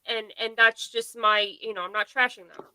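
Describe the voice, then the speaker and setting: A woman's voice: on the high side, fairly even intonation, normal speed, sharp tone, smooth, dry recording, poor audio. A woman in a casual live podcast chat, talking bluntly and in a rambling way, with a sarcastic edge. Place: home.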